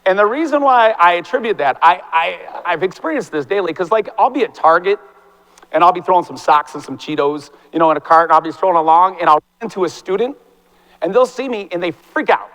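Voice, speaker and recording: High-voiced, impassioned male teacher. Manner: fast, animated and impassioned storytelling. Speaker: teacher giving a conference talk. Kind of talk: motivational stage talk. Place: large classroom or hall. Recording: long reverb from a large hall.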